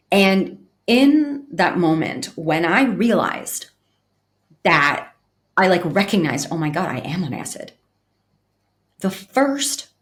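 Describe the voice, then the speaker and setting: A woman podcast host telling a personal story in an earnest, animated way, acting out her own inner speech and restarting her sentences. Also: fairly low pitch.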